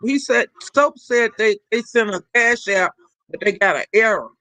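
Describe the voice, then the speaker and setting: A man's voice: sits high, normal speed, bright, forceful tone, no room sound. A man calling into a live stream, earnest and warning, with hesitations. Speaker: caller.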